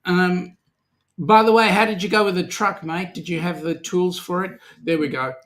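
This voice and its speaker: A man's voice: high-pitched, steady tone, normal speed, fairly bright tone. An Australian man hosting a casual livestream chat, joking around and reading out viewer comments. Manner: jokey, reads out viewer comments. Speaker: host.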